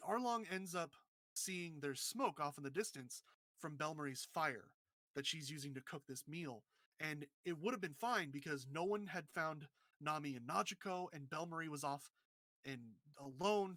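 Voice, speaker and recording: A man's voice: on the high side, fairly bright tone, dry recording. A man co-hosting a casual podcast, recapping a story with earnest, emotional storytelling. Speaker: podcast co-host.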